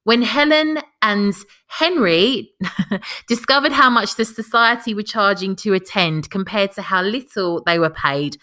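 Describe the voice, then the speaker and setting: A woman's voice: medium pitch, bright, forceful tone. A woman hosting a podcast, reading a scripted history narration and breaking off for chatty personal comments. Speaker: podcast host.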